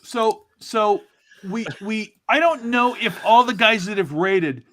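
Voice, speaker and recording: High-voiced flustered man swearing. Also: a bit bright. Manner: flustered, swearing, reading names fast. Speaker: podcast co-host. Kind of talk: rowdy casual chat.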